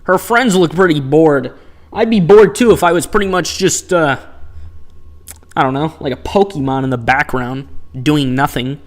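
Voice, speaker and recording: A man commenting live on a video game as he plays, talking casually and reacting with disbelief at the choices on screen. His voice sits a little higher than most men's. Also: normal speed. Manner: chatty, incredulous, laughing asides. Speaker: streamer.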